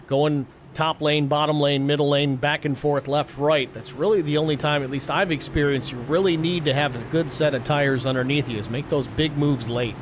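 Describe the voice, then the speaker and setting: Male play-by-play host, higher pitch, noisy broadcast audio. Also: fairly even intonation. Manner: brisk, matter-of-fact race calls. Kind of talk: sim racing play-by-play commentary.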